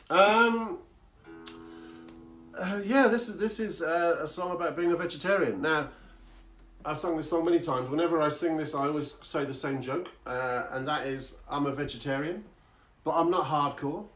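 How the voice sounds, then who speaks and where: A singer-songwriter performing live chats on a stream between comic songs, his fairly high, expressive voice somewhat bright and moderately paced. He rambles and drops self-deprecating asides, in an echoey room with guitar playing.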